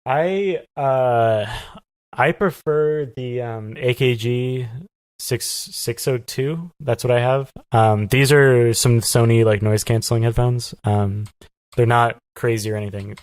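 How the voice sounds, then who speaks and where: Soft-spoken man with a dry sound. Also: mid-range voice, slow, clean tone, no room sound. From lives in Los Angeles. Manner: soft-spoken, lots of fillers and hesitations. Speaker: podcast guest. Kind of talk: casual interview chat.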